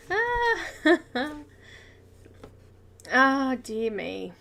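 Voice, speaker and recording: A woman's voice: high-pitched, huge pitch swings, very slow, vocal fry, pauses often, sharp tone. A woman hosting a live coloring stream, chatting casually, giggling often and greeting viewers by name. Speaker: coloring livestream host.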